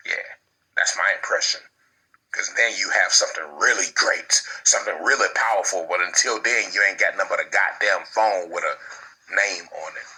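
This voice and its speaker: A man delivering spiritual preaching in a somewhat low, husky voice with a hard, tense push behind it. He repeats his phrases over and over like incantations and mixes in coarse slang. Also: moderate pace, sharp tone, rough recording.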